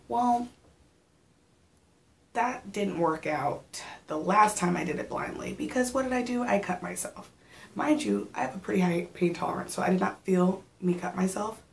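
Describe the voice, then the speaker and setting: A pregnant woman in her thirties tells stories in a relaxed home vlog, with a low, gravelly voice that often slips into vocal fry. She chats casually and animates her quoted asides, and she gets short of breath at times. Faint room noise sits under her voice. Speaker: vlogger.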